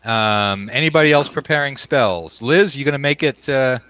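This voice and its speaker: A man running a tabletop game as game master, relaxed and halting, with many ums and restarts. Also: medium pitch, crowd noise.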